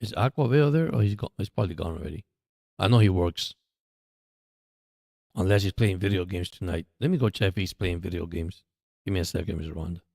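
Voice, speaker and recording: A man's voice: sits low, fairly quick, vocal fry, pauses often, dry recording, studio quality. Chatty man calling a game live. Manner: chatty, excitable during plays. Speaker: livestream host. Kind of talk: casual live game commentary.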